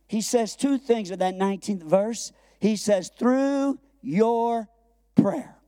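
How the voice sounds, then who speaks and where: A middle-aged pastor preaches a storytelling sermon. His voice sits high for a man yet sounds mellow and dark in tone, recorded close and dry. He acts out the quoted dialogue and chuckles along the way. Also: clear, resonant tone, dry recording.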